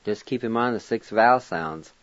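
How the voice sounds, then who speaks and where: A man's voice: fairly low pitch, moderate pace, dry recording, lo-fi sound. A man teaching word pronunciation, spelling each word letter by letter and encouraging learners. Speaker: language teacher and radio host. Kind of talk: slow spelling and pronunciation lesson.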